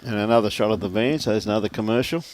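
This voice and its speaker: A low-pitched Australian man co-commentates a lawn bowls match. He is easygoing and jokey, trading banter with his partner. He keeps tacking mate onto his lines. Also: rapid-fire, darkish tone. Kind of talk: live sports commentary.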